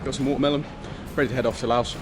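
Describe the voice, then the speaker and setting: Young man, travel vlogger, cheeky self-mocking narration, mid-pitched voice, music under it. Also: steady tone, racing. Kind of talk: casual travel vlog with voice-over narration.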